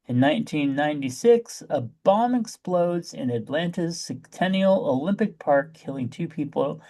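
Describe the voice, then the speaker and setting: A man's voice: a little high, animated, moderate pace, a little mellow. A man hosting a casual podcast, chatty and playfully campy as he runs through the show. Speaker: podcast host.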